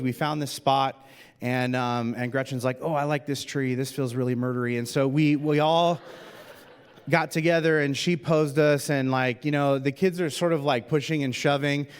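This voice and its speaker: A middle-aged male pastor giving a humorous sermon, chatty and self-deprecating, with plenty of "uh"s and "like"s. His voice sits a bit high for a man. A long reverb from the church auditorium trails after each phrase.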